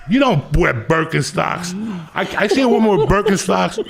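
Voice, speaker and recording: A man in his sixties telling crude comedic stories as podcast host, loud and profane, often breaking into laughter. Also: high voice, expressive, normal speed, gravelly. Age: 60s. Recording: noisy podcast recording.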